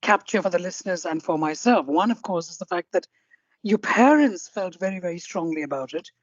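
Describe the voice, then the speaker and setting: A woman hosting an interview podcast who speaks in a measured, deliberate way and sums up her guest's points. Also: on the low side, animated, dry recording, lo-fi sound. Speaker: podcast host.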